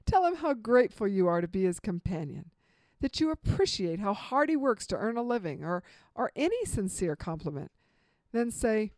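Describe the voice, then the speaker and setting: A woman giving a spoken lecture on marriage advice, with an emphatic, expressive delivery and dramatic pauses. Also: medium pitch, no room sound. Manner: acts out example dialogue in vivid voices. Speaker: marriage relationship speaker.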